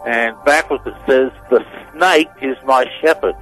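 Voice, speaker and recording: A man's voice: mid-range voice, a little slow, over loud music, rough recording. A man appearing as a radio guest, explaining audio clips in a hesitant, amused way with many fillers. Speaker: guest analyst.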